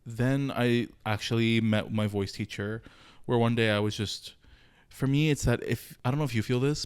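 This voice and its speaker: Brief: male guest, twenties, candid storyteller, animated, lots of "like". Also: on the low side, clear, resonant tone. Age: 20s. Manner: open, animated storytelling with frequent fillers and laughs. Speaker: interview guest. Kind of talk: candid personal conversation.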